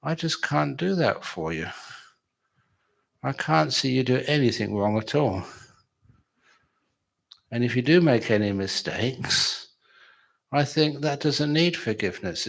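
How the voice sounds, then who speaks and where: A man's voice: medium pitch, gravelly. Humorous man giving a dharma talk. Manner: humorous, chatty storytelling with laughs. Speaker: meditation teacher. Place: retreat hall with audience.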